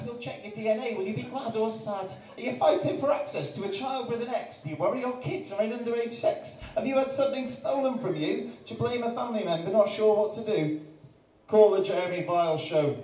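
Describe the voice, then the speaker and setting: A man from Wales performs rhyming poems live at an arts-centre gallery night, his fairly high voice punching out the rhythm and breaking into relaxed, joking patter between pieces. He stands back from the microphone, so the sound is distant and bounces around an echoey room. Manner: rhythmic rhyming recital broken by jokey chatty asides. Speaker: performance poet. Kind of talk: live spoken-word performance.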